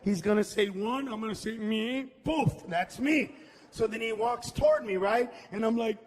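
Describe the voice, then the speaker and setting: A man doing a loud stand-up comedy set on stage, shouting his punchlines and slipping Spanish words into his English. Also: high-pitched, normal speed, big-room sound. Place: comedy stage before a live audience.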